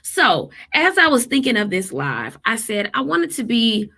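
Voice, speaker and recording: On the high side and measured in pace, this woman's voice carries casual, emphatic vlog stories about parenting. She's in her thirties, works as a therapist, has kids, and animatedly quotes people in lively voices.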